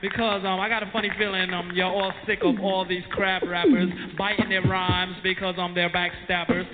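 A man's voice: high-pitched, level tone, moderate pace. A young man rapping a story in a playful, half-sung bragging way. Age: young adult. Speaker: rapper. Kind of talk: storytelling rap over a beat. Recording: tinny lo-fi music recording. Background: loud hip hop beat.

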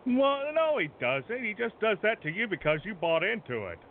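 A man doing a quick impression of a fellow male wrestler, speaking high, soft and drawn out to calm someone down. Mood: placating. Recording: tinny phone-like line, faint noise.

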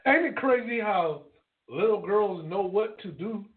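High lively voice, guy ribbing his buddy, tinny like a phone. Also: unhurried. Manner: teasing, joking. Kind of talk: casual chat.

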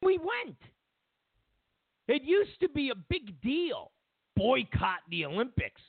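Man, talk show host, mocking, gravelly voice, dry close sound. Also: very high voice, wildly swooping pitch, slow, dry recording. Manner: sarcastic, mocking, ranting. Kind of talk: political commentary monologue. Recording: tinny phone-like dry sound.

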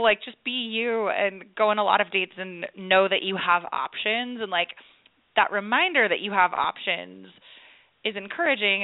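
A woman in her thirties talks as a podcast guest, her voice gravelly and full of fillers and quick laughs. The sound is dry and narrow, like a phone line. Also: medium pitch, dry recording. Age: 30s. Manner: chatty, many fillers and laughs. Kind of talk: casual podcast chat.

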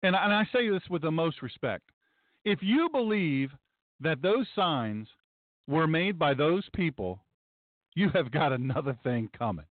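A man's voice: on the high side, expressive, measured pace, no room sound. A male pastor hosting a commentary show, talking in a sarcastic, emphatic way and often repeating his phrases. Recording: dry, tinny phone-like sound.

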